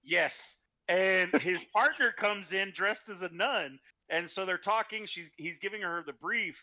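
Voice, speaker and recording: A man playing a tabletop game, casually telling jokes to his friends in an animated way, laughing as he goes. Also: high voice, measured pace, dry recording. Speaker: player. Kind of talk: casual chat, joke telling.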